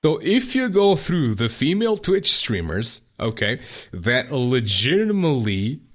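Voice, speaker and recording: Animated, rambling young man co-host. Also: medium pitch, unhurried. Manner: animated, rambling, stumbles over his words. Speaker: podcast co-host. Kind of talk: casual chat.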